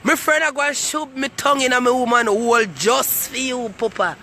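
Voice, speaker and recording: A man's voice: extremely high pitch, moderate pace, sharp tone, slight background noise. A man with a Jamaican accent doing a brash, swaggering, crude comic rant to his viewers. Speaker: comic vlogger. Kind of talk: boastful comic rant to camera.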